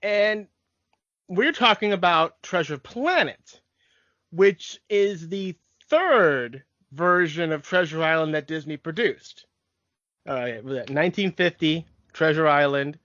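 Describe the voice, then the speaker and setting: A man's voice: a little high, expressive, takes it slowly, pushed and bright, no room sound. A man co-hosting a nostalgic podcast in casual chat, rambling and often restarting his sentences. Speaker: podcast co-host. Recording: dry, dull lo-fi podcast mic.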